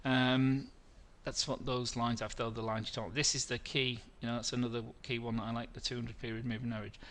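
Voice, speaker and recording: Bright-voiced man walking through charts. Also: medium pitch, little pitch movement, a little fast. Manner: rambling, self-correcting, answers viewer questions. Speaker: trading webinar host. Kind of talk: live trading webinar, chart walkthrough.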